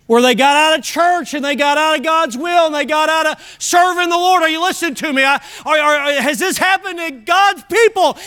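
A pastor in full sermon mode, his voice sitting notably high for a man. He drives his points home with emphatic rhetorical questions to the congregation in a church sanctuary. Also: fairly bright tone.

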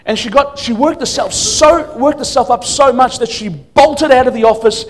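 A man's voice: very high voice, normal speed. A man preaching as a guest pastor, telling stories with humor and acting out what people said. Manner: storytelling with humor and acted quotes. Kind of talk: sermon.

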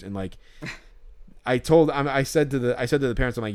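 A man's voice: mid-range voice, a little fast, a little mellow, smooth. A man co-hosting a podcast, telling a story in a rambling, casual way, swearing often and saying "like" constantly. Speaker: podcast co-host.

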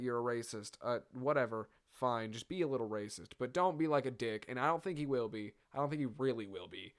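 A young man hosting a casual solo podcast, rambling and profane with lots of fillers and asides. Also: medium pitch. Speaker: podcast host.

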